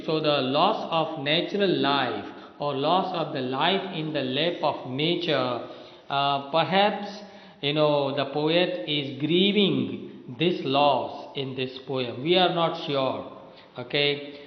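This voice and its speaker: A male literature lecturer with a slightly raised voice speaks at a slow, measured pace, padding his points with "you know" and "okay". His voice rings in a reverberant room on a dull, lo-fi recording. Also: on the high side. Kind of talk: classroom lecture explaining a poem.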